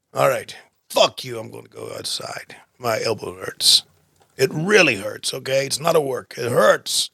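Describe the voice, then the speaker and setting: A small male wrestler grumbles and curses in a high, whiny voice, as a man puts him on. He sounds sorry for himself the whole time. The sound is dry with no room echo. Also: vocal fry, sharp tone, husky, full character voice. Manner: high whiny mock voice, cursing.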